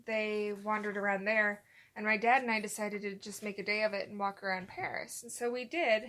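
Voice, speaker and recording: Speaking a little fast at a medium pitch, a young podcast co-host relaxes into a casual chat with her partner. She rambles through a story and acts out the quotes as she goes.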